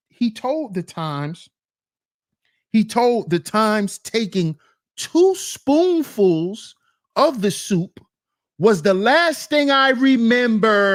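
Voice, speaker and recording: A woman hosting a reaction commentary channel, scolding and mocking her viewers and repeating lines for emphasis. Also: medium pitch. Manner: slips into mock voices of the men she criticizes.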